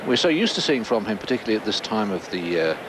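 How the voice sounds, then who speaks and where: Male tennis commentator, measured play-by-play, broadcast with audible background noise. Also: on the low side, big pitch swings. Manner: measured, factual, reels off scores. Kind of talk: sports commentary.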